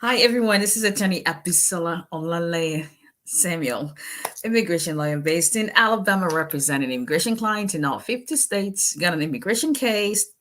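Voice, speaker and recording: Low-voiced Nigerian woman, tired and chatty. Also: expressive, fairly quick, a bit bright. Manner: chatty, laughing, greets viewers by name. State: tired after a long day. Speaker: immigration attorney hosting a livestream. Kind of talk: casual livestream chat.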